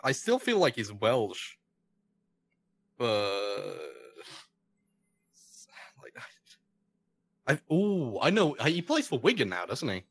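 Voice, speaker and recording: Lively-voiced man guessing football answers. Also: mid-range voice, takes it slowly, long pauses. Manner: animated, exclaims, second-guesses himself. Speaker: quiz contestant. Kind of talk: casual chat.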